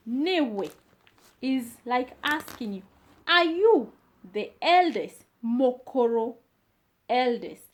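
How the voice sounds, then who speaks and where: A woman teaching a beginner language lesson, repeating each phrase and pausing with fillers as she explains. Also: high-pitched, lively intonation.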